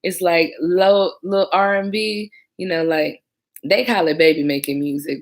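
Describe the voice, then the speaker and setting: A young woman, telling stories about her former job as a 911 dispatcher in a casual chat. She talks in a smooth, calm voice that turns animated when she acts out the people who called in. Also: on the low side, unhurried. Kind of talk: casual chat, storytelling to camera.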